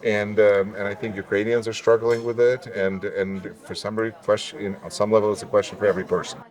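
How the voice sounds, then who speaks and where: A Russian-born man, a native Russian speaker, with a deep announcer-like voice, speaking earnestly and reflectively as an interview guest. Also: flat delivery, brisk, a little mellow. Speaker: guest, local elected official. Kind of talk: conversational interview.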